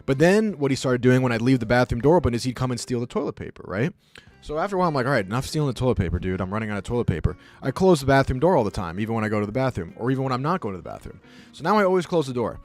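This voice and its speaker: A man's voice: medium pitch, very animated, very fast, soft background music. Profane, rambling streamer man. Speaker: live streamer. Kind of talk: casual storytelling chat.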